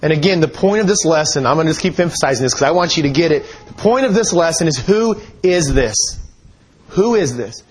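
A man's voice: fairly high pitch, animated, very fast, hardly any pauses, poor audio. A man preaching a sermon, reading scripture aloud and asking his listeners earnest, emphatic questions.

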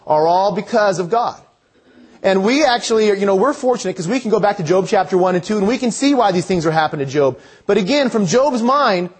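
High-voiced man preaching earnestly. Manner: earnest, asks the listeners direct questions; reads verses aloud, then explains them. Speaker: pastor. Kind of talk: sermon teaching on scripture.

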